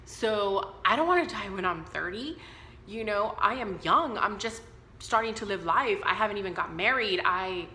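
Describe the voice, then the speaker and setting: A woman's voice: mid-range voice, sharp tone, reverberant, a little hiss or hum. A woman around thirty talking frankly to her viewers in an unscripted personal vlog, with plenty of fillers and asides. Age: 30s. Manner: candid, talks straight to viewers with many fillers. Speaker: vlogger.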